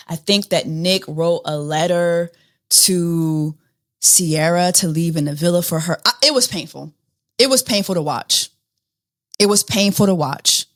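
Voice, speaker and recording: A woman's voice: lowish voice, unhurried. A woman hosting a casual review of a reality show episode, dramatic and playful, often repeating phrases for comic effect. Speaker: reality TV recap host.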